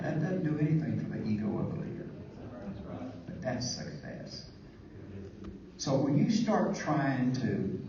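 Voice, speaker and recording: A man's voice: medium pitch, warm tone. Folksy man telling stories in an echoey hall. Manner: folksy storyteller acting out dialogue; dry humor. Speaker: church leader speaking to pastors. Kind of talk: conference talk with anecdotes. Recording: echoey hall, distant mic, dull and noisy.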